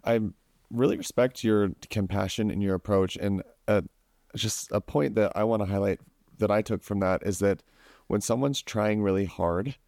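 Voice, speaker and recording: A man hosts a podcast conversation, speaking gently and reflectively while sometimes repeating words. His voice is low and mellow, recorded close and dry. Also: moderate pace, gravelly, no room sound. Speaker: podcast host.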